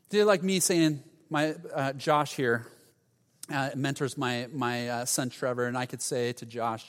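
A man's voice: mid-range voice, fairly even intonation, moderate pace. A man preaching a sermon in an earnest, conversational way, acting out quoted lines. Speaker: pastor. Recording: reverberant hall.

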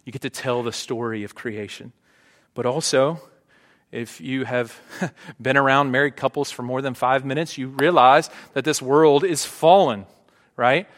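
A man preaching a sermon to a congregation, conversational and often checking in with "right?". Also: mid-range voice. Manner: conversational, frequent "right?" asides. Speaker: pastor. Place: church sanctuary. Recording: long hall reverb.

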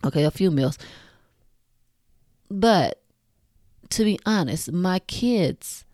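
A woman's voice: fairly low pitch, lively intonation, takes it slowly, a little mellow, no room sound, clean studio sound. A woman in her forties hosting a show, talking frankly and casually to her listeners, swearing freely and laughing at her own jokes. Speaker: podcast host.

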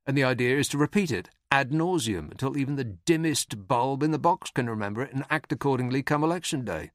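A man's voice: medium pitch, lively intonation, brisk, few pauses, no room sound. A man hosting a podcast, delivering a dry, sardonic scripted comic monologue. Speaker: podcast host.

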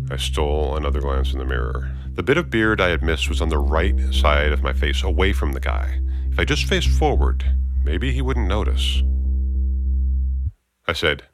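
A man narrating a first-person heist story, breaking into wry, self-mocking asides to himself. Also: extremely low pitch.

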